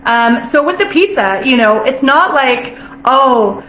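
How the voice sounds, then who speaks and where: A high-voiced woman talks as a nutrition coach in a bubbly, upbeat way, laughing often and drawing out the words she wants to stress. The recording carries a noticeable room echo. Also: expressive, fairly bright tone. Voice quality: bubbly, laughs often, drawn-out emphatic phrases. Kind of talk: casual motivational talk to camera.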